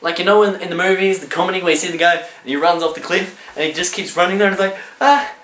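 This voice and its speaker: A man tells a comic personal story, throwing in sound effects and shouted voices. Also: sits high, steady tone, very fast, a little hiss or hum. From Australia. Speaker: storyteller vlogger. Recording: roomy echo.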